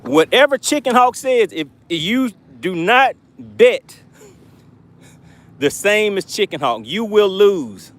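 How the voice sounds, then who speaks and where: A man's voice: sits high, very animated, takes it slowly, a bit bright. A man hosting a fishing livestream from a boat, teasing and laughing with his chat viewers.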